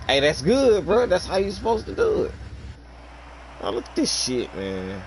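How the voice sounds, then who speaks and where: Man, slightly high voice, casual gaming commentary, grumbling, joking banter, noisy game audio behind. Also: wildly swooping pitch, takes it slowly, pauses often. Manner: frustrated, joking banter with his brother. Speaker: gaming streamer. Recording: game sounds and noise behind.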